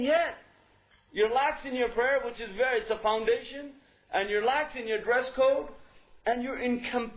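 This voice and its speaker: A man giving a religious lecture in an emphatic style, repeating key phrases and asking rhetorical questions. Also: extremely high pitch. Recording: dull lo-fi recording.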